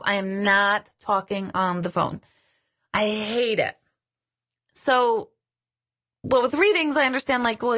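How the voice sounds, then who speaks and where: A middle-aged woman, a psychic medium, chatting casually in a live Q&A and telling stories with lively quoted asides. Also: a little high.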